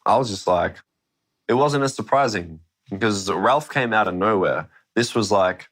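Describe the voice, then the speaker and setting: Young guy, very low voice, easygoing storyteller who swears offhandedly. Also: animated, normal speed, a bit bright. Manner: laid-back, swears casually, laughs between lines. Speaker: interviewee, younger brother. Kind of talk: casual storytelling interview.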